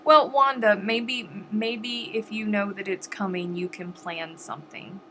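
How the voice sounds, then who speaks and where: A woman's voice: medium pitch, steady tone, a little slow, background noise. A woman hosting a crochet live stream, chatting casually and directly to viewers, with a sniffly, stuffed-up nose.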